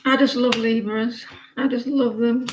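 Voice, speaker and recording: A woman's voice: fairly high pitch, fairly even intonation, a little slow, very noisy. A woman giving a casual livestream tarot reading, rambling and chatty as she talks to viewers by name. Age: adult with a daughter. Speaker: tarot reader.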